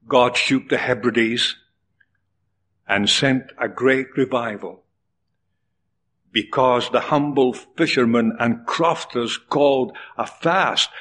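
A man preaching an impassioned sermon, with dramatic pauses, swinging from loud cries to hushed near-whispers. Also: mid-range voice, slightly rough.

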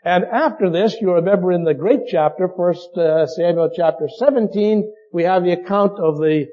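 A man's voice: sits high, moderate pace. A man preaching a sermon, telling illustrations and stories as he goes. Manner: storytelling, fond of illustrations. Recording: dull lo-fi recording.

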